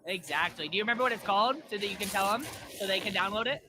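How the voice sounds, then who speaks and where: A man live streaming a game, excitable and chatting with his AI co-host. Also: high voice, very fast, slight background noise. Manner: excitable, laughing.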